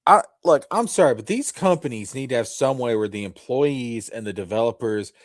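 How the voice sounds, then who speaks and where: A man's voice: mid-range voice, expressive, normal speed, no room sound, clean studio sound. A man co-hosting a casual podcast chat, ranting in a fired-up, profane way. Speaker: podcast co-host.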